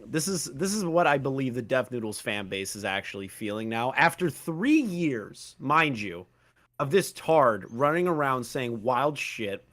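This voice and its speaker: A man's voice: medium pitch, a bit bright. A man talking as a guest on a podcast, reading a post aloud and laughing between comments. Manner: reads aloud with laughing asides. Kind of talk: casual podcast chat.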